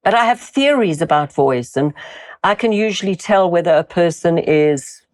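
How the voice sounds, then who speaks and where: A woman's voice: fairly low pitch, animated, normal speed, a little mellow. A South African woman with a South African accent, an actress and dialect coach. In interview conversation she acts out sounds and pronunciations as she talks.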